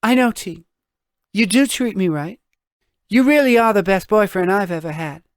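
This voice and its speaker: A man's voice: sits high, animated, normal speed, smooth, dry recording, studio quality, pitched above the performer's own voice. A man reading an audiobook, voicing an insecure, hot-tempered young woman who talks in a snappy, defensive way. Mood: affectionate.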